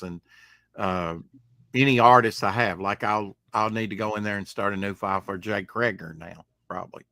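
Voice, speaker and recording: A man's voice: low-pitched, sharp tone, dry recording, studio quality. A man co-hosting a live stream show, chatting casually in a rambling, jokey way and trailing off mid-sentence.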